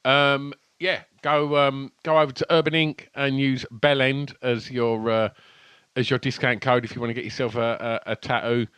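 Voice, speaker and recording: A man chatting loosely on a comedy podcast, a little tipsy after a few lagers. He swears freely and laughs often, with a bright, clear tone. The sound is close and dry. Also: mid-range voice, level tone, moderate pace, dry recording. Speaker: podcast co-host. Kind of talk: casual chat.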